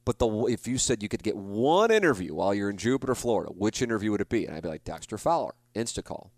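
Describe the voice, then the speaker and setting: Rambling, low-voiced broadcaster in his forties. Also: big pitch swings, very fast, darkish tone, no echo. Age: 40s. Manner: rambling, confessional, self-deprecating, many restarts. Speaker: sports broadcaster. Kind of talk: solo podcast storytelling.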